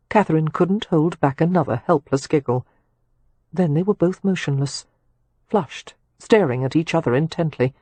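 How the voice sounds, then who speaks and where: A woman narrating a romance audiobook in a measured, intimate way. Her voice is husky and breathy, recorded close and completely dry. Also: sits low, warm tone, no room sound.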